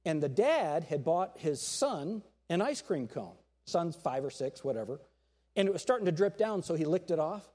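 Middle-aged male pastor, lively sermon delivery, voice sits high and swings widely, acts out quotes. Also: normal speed. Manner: animated preaching with acted-out quotes and jokes.

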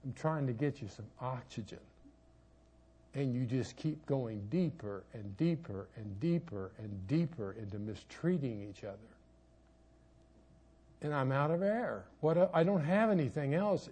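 A husky-voiced male preacher gives a sermon in a church. He tells a story with lively bursts and shouted asides, in a voice of middle pitch. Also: normal speed. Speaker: pastor and marriage counselor.

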